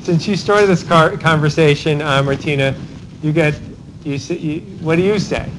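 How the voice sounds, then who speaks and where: A male professor with a high voice leads a university classroom lecture in Socratic fashion. He fires questions at students, names them, and keeps tacking on "right?" as he drives the point home. A faint hiss sits under the recording. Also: low-quality recording. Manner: rapid cold-calling of students, tag questions like "right?". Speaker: law professor.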